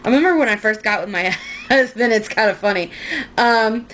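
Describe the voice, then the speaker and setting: A young woman with a drawl talks her way through a makeup routine, her voice sitting a little high. She rambles, pokes fun at herself, and drifts off on side stories. There's a faint hiss of background noise under her. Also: moderate pace, fairly bright tone. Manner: chatty, rambling, self-mocking with frequent laughs. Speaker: beauty vlogger. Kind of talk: casual makeup tutorial chat.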